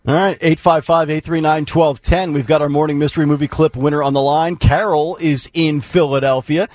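A man's voice: on the high side, fairly even intonation, a little fast, a little mellow, no echo. A man hosting a morning radio show, bantering and joking in casual chat and taking callers. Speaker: radio host.

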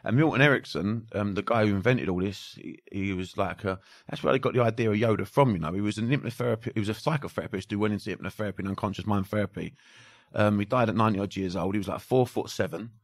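A man's voice: lowish voice, fast, dry recording, clean studio sound. A man talking as a hypnotherapist guest in a casual podcast chat, swearing freely and dropping his voice to demonstrate. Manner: swears casually, drops to near-whispers for demonstrations.

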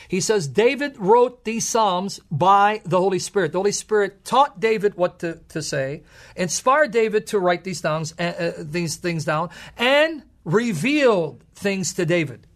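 A man's voice: sits high, fairly bright tone. A man co-hosting a religious radio show, teaching emphatically and quoting scripture. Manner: emphatic, lecturing, quotes scripture. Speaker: co-host, Bible teacher.

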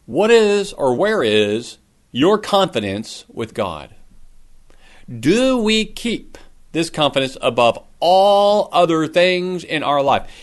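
Earnest preaching man, fairly high voice. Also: sing-song, slow pace. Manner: earnest, asks the listeners questions. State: coughing now and then. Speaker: pastor. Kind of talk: sermon.

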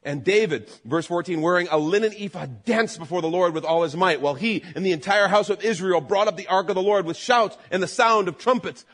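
A man preaching a sermon as pastor, animated, building to loud emphatic peaks and then dropping low. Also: a little fast, few pauses.

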